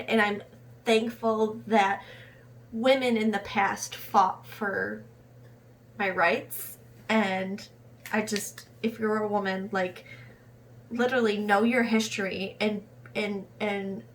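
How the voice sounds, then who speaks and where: A woman's voice: mid-range voice, fairly bright tone, slight background noise. A young American woman from Rochester, New York, reviewing a book in a casual vlog, earnest and impassioned, restarting her sentences as she goes. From Rochester, New York, USA. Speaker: book vlogger.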